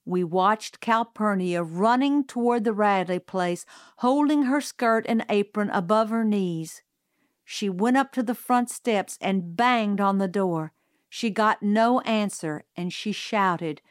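A woman narrating a storybook aloud in a measured, even storytelling delivery. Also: mid-range voice, no room sound, clean studio sound. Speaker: audiobook reader.

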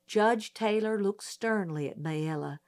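A woman narrating a novel as an audiobook in a slow, deliberate reading. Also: medium pitch, darkish tone.

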